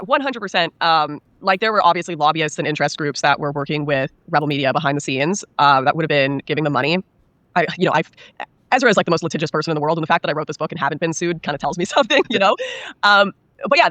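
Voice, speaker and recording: A woman's voice: fairly low pitch, expressive, fairly bright tone, no room sound. A woman being interviewed as an author, speaking candidly and earnestly, often acting out what others told her. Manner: rapid, earnest, acts out quoted people.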